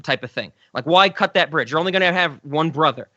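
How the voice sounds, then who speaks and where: A man's voice: fairly high pitch, expressive, fast talker, few pauses, pushed and bright, dry recording, dull audio. A man co-hosting a film podcast, talking enthusiastically and rambling with restarts. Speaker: podcast co-host. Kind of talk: casual film discussion.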